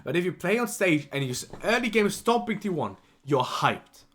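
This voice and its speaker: Animated man coaching over a replay. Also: high voice, normal speed. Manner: emotional, animated, keeps asking "right?". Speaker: esports coach. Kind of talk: live-streamed match review.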